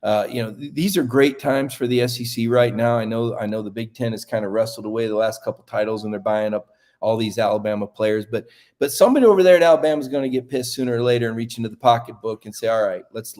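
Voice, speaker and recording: Fifties male sports reporter, mid-pitched, easygoing and chatty, restarts his sentences often. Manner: relaxed, thinks aloud with frequent restarts. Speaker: sportswriter guest. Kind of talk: casual sports talk.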